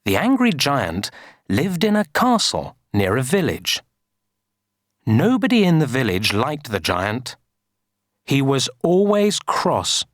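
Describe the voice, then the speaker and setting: A woman reading a children's story aloud for an English lesson, slow and sing-song. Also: a bass voice, sing-song, no room sound, clean studio sound.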